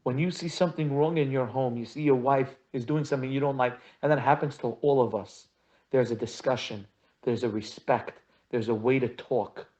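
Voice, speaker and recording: A man's voice: mid-range voice, normal speed, darkish tone. A man teaching a lesson on marriage as a rabbi, acting out quoted conversations and hammering points with emphatic repetition. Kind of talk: animated Torah lesson with acted-out dialogue. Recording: dull lo-fi audio.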